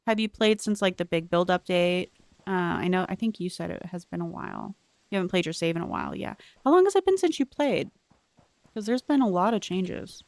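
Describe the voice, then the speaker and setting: Chatty woman streamer, lively voice with fry. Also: fairly low pitch, brisk, no echo. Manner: chatty, curious, thinking aloud and answering chat. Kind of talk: casual gameplay commentary.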